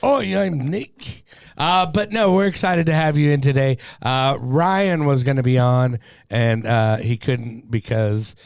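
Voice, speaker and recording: A man's voice: mid-range voice, measured pace, clean tone, no echo, clean studio sound. A man hosting a casual recovery podcast, joking and laughing often. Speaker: podcast host.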